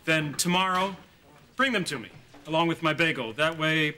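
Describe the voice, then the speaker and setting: An actor playing a mocking, loud-mouthed executive who laughs at his own jokes. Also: on the high side, normal speed. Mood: condescending. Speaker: video game company boss.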